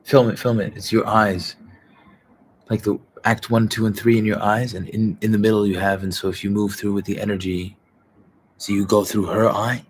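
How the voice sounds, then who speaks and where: A man talking in a loose, rambling monologue, swearing and quoting other people in quick voices. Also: fairly low pitch, level tone, breathy edge.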